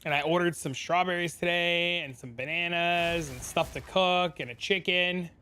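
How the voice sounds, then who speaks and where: A man's voice: sits high, normal speed, pushed and bright, slight background noise. A man streaming a game from a home room with a green screen, talking casually and rambling, swearing freely as he answers chat.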